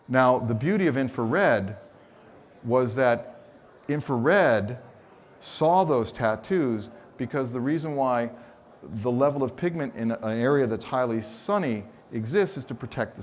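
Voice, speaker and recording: A man giving a live photography seminar on a conference stage, telling stories with humor and acting out quotes. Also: mid-range voice. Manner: expressive storyteller, acts out quotes, teasing humor. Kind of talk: animated live seminar talk.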